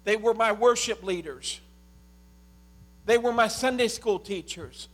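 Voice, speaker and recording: A middle-aged man preaching a sermon as a pastor, swinging from impassioned shouting to quiet storytelling. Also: sits high, measured pace.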